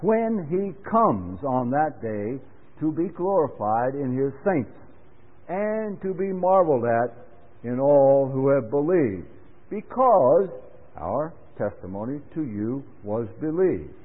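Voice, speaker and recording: Earnest preacher in an echoing hall. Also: male voice, mid-range voice, sing-song. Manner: earnest, deliberate, with emphatic rises on key words. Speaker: Bible class speaker. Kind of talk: sermon. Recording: phone-like sound with long reverb in a hall.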